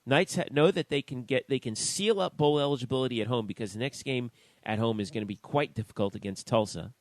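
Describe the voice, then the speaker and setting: A man co-hosting a sports talk podcast, reading out statistics in a slow, measured way. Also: medium pitch, no room sound. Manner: reads out stats in a slow, measured way. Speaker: podcast co-host.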